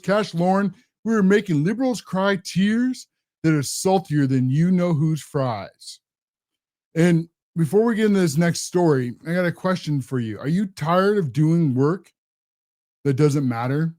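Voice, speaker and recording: A man's voice: sits high, normal speed, darkish tone. A man hosting a political commentary show, combative and sarcastic, often repeating and restarting his words. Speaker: host.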